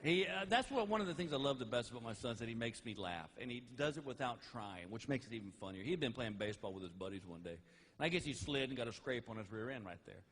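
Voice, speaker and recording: A middle-aged man telling stand-up stories about his family in a folksy, animated way, laughing at his own jokes. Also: medium pitch, quick pace, breathy edge. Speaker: stand-up comedian. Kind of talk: stand-up storytelling. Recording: live comedy album with faint noise.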